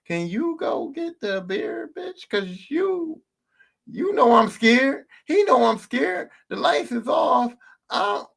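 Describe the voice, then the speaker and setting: Man doing a scared kid, high whiny panic. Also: big pitch swings, slow, gravelly, fairly bright tone, husky, heavily acted. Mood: scared pleading. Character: scared young boy pleading with his sister.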